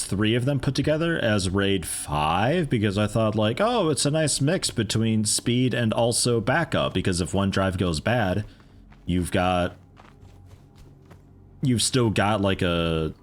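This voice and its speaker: A man streaming a game, chatting casually and joking with his viewers in a rambling way. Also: on the low side. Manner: rambling, joking asides to chat. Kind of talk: casual gameplay commentary.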